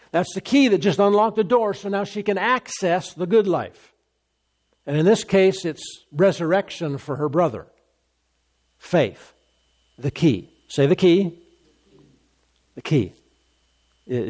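A man's voice: high-pitched, darkish tone. A man preaching a sermon, emphatic and repetitive, acting out the dialogue of scripture. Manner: emphatic, repeats phrases, acts out scripture dialogue.

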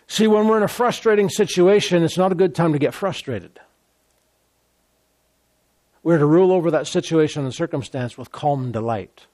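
A man's voice: on the high side, a little mellow, no echo. Male preacher, sermon, emphatic with repeated phrases, dry close sound.

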